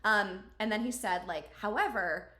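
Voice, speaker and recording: A woman's voice: medium pitch, moderate pace, pushed and bright. Chatty woman podcast host, roomy sound. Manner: chatty, many fillers like "like" and "um". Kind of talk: casual conversational storytelling.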